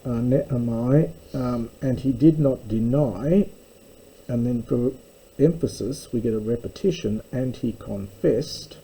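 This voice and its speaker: A man teaching a slow verse-by-verse Greek lesson, explaining word by word with pauses and fillers. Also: mid-range voice, mellow, a little hiss or hum, poor audio.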